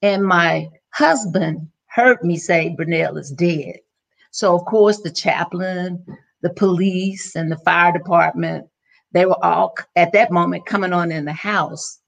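A woman's voice: fairly low pitch, steady tone, measured pace, gravelly. A middle-aged woman, an interview guest, telling a personal story in an earnest, emotional way with many restarts.

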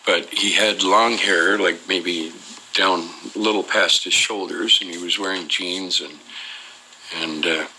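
A man with a very low, gravelly voice recounts his own experience in a loose, rambling way. He stops often to hesitate and restarts his sentences, and his tone is sharp and forceful despite the depth. A faint ambient hum sits behind him. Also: steady tone, measured pace, rough recording. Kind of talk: unscripted personal storytelling.

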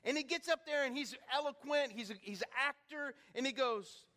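A man preaching a sermon as pastor. He moves between hushed, intimate passages and loud, soaring climaxes, then leads an altar call. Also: very high voice, a little fast. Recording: reverberant hall, from a distance.

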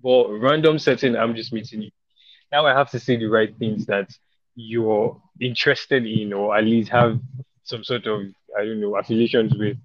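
Relaxed young man on a dull dry mic. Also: fairly low pitch, normal speed, no echo. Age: young adult. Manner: relaxed storyteller, quotes people in mock voices. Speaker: podcast guest. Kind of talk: casual chat.

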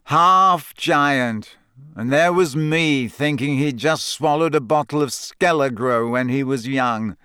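Man voicing sneering rich-kid bully, slow drawl, smug; dry storybook. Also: mid-range voice, pushed and bright, smooth, no room sound. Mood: gloating. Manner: drawling, gloating. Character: sneering spoiled teenage boy, a bully.

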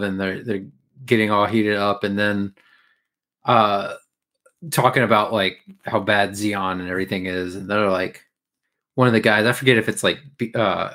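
A man's voice: on the low side, a bit bright. A man chatting casually as a podcast co-host, recapping an episode in a rambling, crude way full of fillers. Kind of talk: casual chat.

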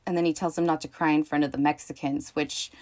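A woman hosting a podcast, talking through a film in a rambling, casual monologue full of fillers and restarts, swearing freely and breaking into excited outbursts. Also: low voice, fast talker. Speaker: podcast host.

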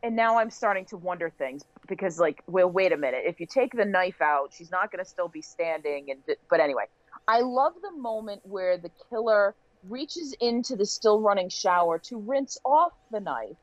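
A woman who teaches English chats casually as a podcast guest, lively and laughing as she thinks aloud. Her voice is medium-pitched at a moderate pace. The sound is lo-fi but has no echo.

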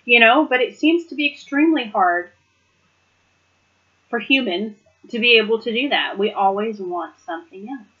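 A woman's voice: on the high side, expressive, moderate pace, a bit bright, lo-fi sound. A woman giving a casual, earnest devotional talk. She reads scripture aloud and reflects on it, often laughing lightly between points. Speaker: Bible study speaker.

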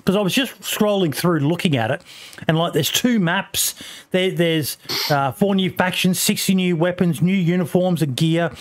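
Man, a little high-pitched, casual conversational host. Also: moderate pace. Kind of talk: casual chat.

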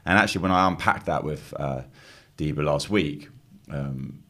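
A man's voice: extremely low pitch, normal speed, a bit bright. A man speaking thoughtfully in a casual chat, searching for his words as he reflects. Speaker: interviewee.

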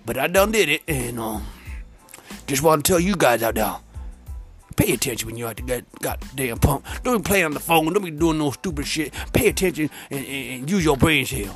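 A man's voice: on the high side, animated, fairly quick, faint music behind. A man telling a comic story in a rambling, profane, streetwise way, full of slang.

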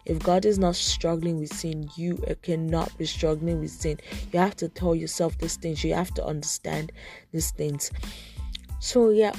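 Young woman, mellow low voice, casual faith chat, soft music behind. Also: vocal fry. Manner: earnest, conversational, lots of "like" fillers. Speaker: Christian vlogger giving advice. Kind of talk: casual faith talk to camera.

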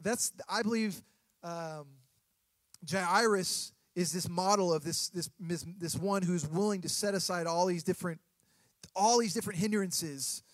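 Earnest high-voiced male pastor preaching. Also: no echo. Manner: earnest, halting with frequent restarts. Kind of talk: sermon.

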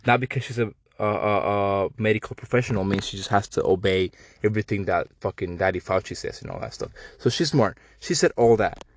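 A man's voice: lowish voice, steady tone, a little fast, few pauses. A man with a Mexican accent hosting a podcast, ranting in a sarcastic, profane, slangy way. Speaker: podcast host. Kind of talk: casual podcast rant.

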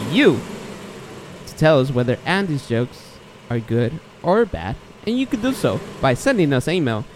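A man's voice: a little high, a little mellow. A man hosting a casual podcast, playful and jokey, slipping into announcer-style introductions. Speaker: podcast host.

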